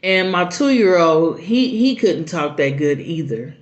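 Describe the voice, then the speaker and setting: A middle-aged mother telling a personal story in an earnest, halting way with many restarts. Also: fairly low pitch, lively intonation. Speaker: mother sharing advice. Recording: roomy, dull lo-fi recording.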